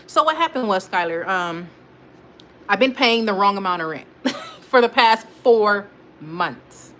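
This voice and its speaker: Chatty, animated woman talking to her viewers. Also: mid-range voice, a little slow, a little hiss or hum. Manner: rambling and animated, talks straight to viewers, frequent laughs and restarts; informal slang-heavy speech. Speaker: host of a weekly live check-in stream. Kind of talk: casual live-stream chat, reading viewer comments.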